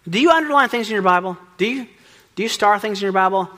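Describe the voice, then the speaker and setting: Bright-voiced preaching man. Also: high voice, fast. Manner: lively, joking, acts out dialogue. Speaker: pastor. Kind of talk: sermon.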